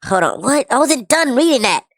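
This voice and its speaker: A woman's voice: sits high, big pitch swings, brisk. A woman streamer reacting live to clips, talking to her chat in a casual, slangy way.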